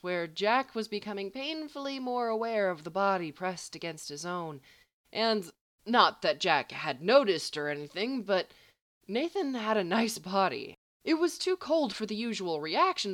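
A woman's voice: mid-range voice, sing-song, measured pace, dry recording. A woman narrating a story aloud, reading expressively. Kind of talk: audiobook-style story reading.

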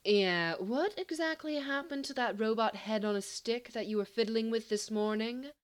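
A woman's voice: fairly high pitch, normal speed, voice pushed up, close to an everyday voice. Woman voicing a dry, teasing young woman.

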